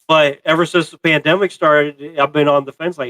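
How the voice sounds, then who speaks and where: A man's voice: on the high side, level tone, moderate pace, hardly any pauses, sharp tone, no room sound, rough recording. A man co-hosting a casual movie review chat, rambling with many fillers and restarts. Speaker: co-host of a pop culture show.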